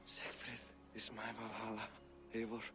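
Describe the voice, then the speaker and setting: An actor playing a dying, loyal warrior cousin who speaks slowly and weakly, with resignation, in a video game. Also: male voice, fairly low pitch, completely flat delivery, lightly acted. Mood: fading, proud. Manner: slow, weak, resigned.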